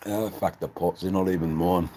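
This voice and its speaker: A man's voice: low voice, fairly even intonation, normal speed, dark tone, a little hiss or hum. An Australian man hosting a casual livestream, rambling and swearing as he chats to viewers. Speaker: livestream host.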